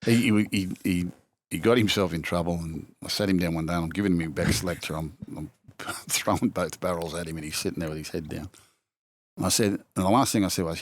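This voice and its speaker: Deep-voiced older Australian man telling yarns. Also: quick pace, a little hiss or hum. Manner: yarn-spinning, acts out quotes, frequent restarts. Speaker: former rugby league coach and pundit. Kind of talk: casual storytelling chat.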